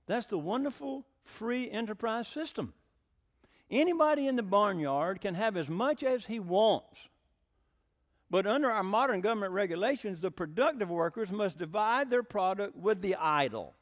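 A man's voice: high voice, lively intonation, moderate pace, pitched above the performer's own voice. A man voicing a lecturing government agent while reading a fable aloud. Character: preachy male government agent. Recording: long hall reverb.

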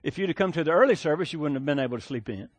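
A male pastor delivers a sermon in a relaxed, conversational tone, often stumbling over and repeating his words. His voice sits high for a man. The sound is dry and close, with little room echo. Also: rapid-fire.

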